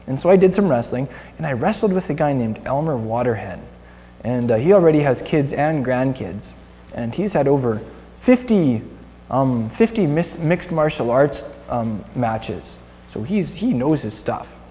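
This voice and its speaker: A man's voice: medium pitch, sing-song, unhurried, mellow, big-room sound. A young Canadian man giving informal Bible teaching to a small group, chatty and rambling, with many restarts.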